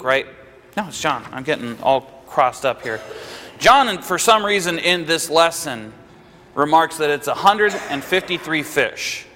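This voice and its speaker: A man's voice: fairly high pitch, sharp tone. A man preaching a sermon in a conversational way, often checking in with his listeners. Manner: conversational, asks listeners "right?". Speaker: pastor. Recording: reverberant hall.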